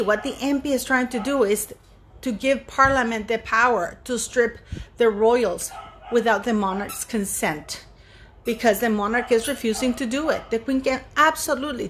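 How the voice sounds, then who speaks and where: Woman, channel host, casual commentary, emphatic, repeats herself, slightly high pitch. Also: slight background noise. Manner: emphatic, stresses words and repeats points.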